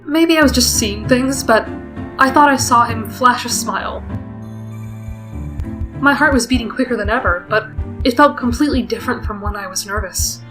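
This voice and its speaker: Music plays in the background as this let's player, a woman with a higher-pitched voice, reads through a visual novel at a moderate pace. Between lines she pauses for wry, self-conscious remarks.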